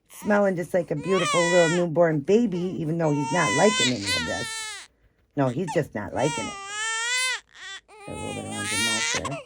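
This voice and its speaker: A woman with a very low voice that moves lively up and down, chatting soothingly as she cares for a baby doll. She repeats herself often in a casual, homey way. Loud baby crying runs underneath her throughout. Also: gravelly, heavy background noise. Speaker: vlogger. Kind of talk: casual doll-care vlog.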